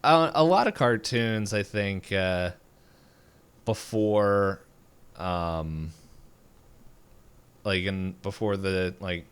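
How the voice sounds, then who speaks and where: A man's voice: deep voice, extremely slow, pauses often, smooth. A young man co-hosting a podcast in casual chat, rambling with many fillers and restarts. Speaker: podcast co-host.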